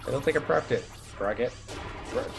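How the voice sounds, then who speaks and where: A man's voice: mid-range voice, animated, normal speed, gravelly. A man in his thirties giving casual gameplay commentary, rambling and reminiscing with self-mocking asides. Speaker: game streamer. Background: game music.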